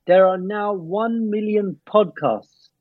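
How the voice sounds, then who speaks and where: A man's voice: sits high, takes it slowly, no echo, phone-quality sound. A man co-hosting a podcast, playful and quizzing the others in casual banter. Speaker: podcast co-host.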